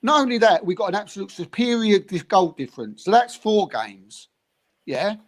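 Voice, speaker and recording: A man chatting casually about a football match as an animated storyteller who chuckles often. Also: sits high, moderate pace. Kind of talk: casual football reaction chat.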